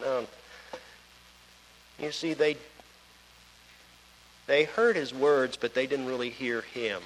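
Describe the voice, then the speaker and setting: A man's voice: medium pitch, slow, pauses often. A male preacher giving a sermon in a conversational, storytelling manner, recorded in a church or large hall. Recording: long hall reverb.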